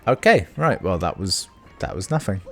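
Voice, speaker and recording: Lively man reading game text aloud. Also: low-pitched, moderate pace, creaky, soft background music. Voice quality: animated, playful character reading. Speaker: let's play host.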